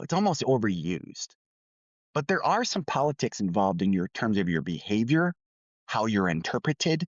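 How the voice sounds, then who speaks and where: A man's voice: medium pitch, no room sound, lo-fi sound. A middle-aged man co-hosting a podcast, candidly telling a workplace story with quoted dialogue. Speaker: podcast co-host.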